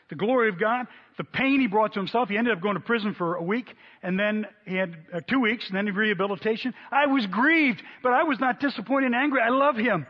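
A man preaching a sermon, telling a story with lively acted-out quotes. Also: high voice, breathy edge. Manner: animated storyteller, voices quotes loudly. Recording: dull sound in a long-reverb hall.

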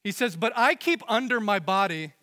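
A young adult man preaching a sermon in earnest, pushing up for emphasis and dropping to hushed tones. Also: high voice, lively intonation, normal speed. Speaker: pastor. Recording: long hall reverb.

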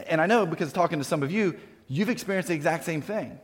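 A man's voice: fairly high pitch, fast talker. A man preaching a sermon as a pastor, earnest and conversational, often restarting his words. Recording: long reverb of a hall.

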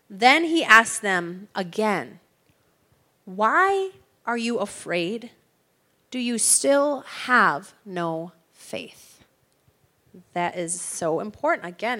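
A woman's voice: on the high side, fairly bright tone. A woman preaching a sermon with emphatic, preacherly delivery, often asking her listeners for agreement.

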